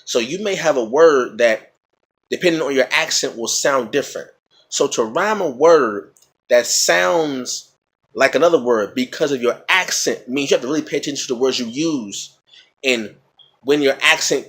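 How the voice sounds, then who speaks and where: Husky man explaining rhymes, teacherly. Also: mid-range voice, moderate pace, fairly bright tone. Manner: teacherly, repeats words and checks in with "okay?". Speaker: vlogger explaining battle rap. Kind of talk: casual explanatory talk.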